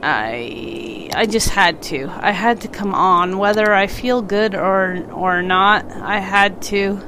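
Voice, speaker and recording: Streaming live amid background noise, a woman with a medium-pitched, congested voice plays a city-building game and takes her time speaking. Stuffy and rambling, she talks to the game and to a pet.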